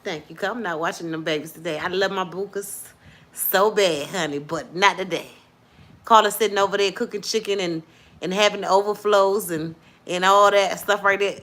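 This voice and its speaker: A middle-aged woman hosting a casual live stream, lively and preachy, praising God between her chatter. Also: medium pitch, normal speed. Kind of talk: casual chat with viewers and callers.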